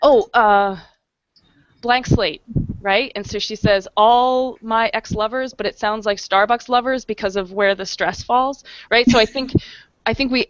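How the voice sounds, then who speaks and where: A woman in her thirties, a professor on an online panel, explains her research clearly, with frequent ums and restarts. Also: mid-range voice, steady tone, unhurried, no room sound, dull audio. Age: 30s. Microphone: video call.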